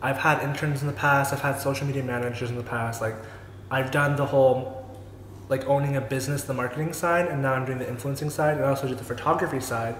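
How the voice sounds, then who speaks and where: A man's voice: medium pitch, steady tone, fast, fairly bright tone. A young man hosting a casual mukbang vlog, talking chattily and filling his sentences with "like". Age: young adult. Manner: chatty, filler-heavy with lots of "like". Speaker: host, influencer. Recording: roomy echo with faint background noise.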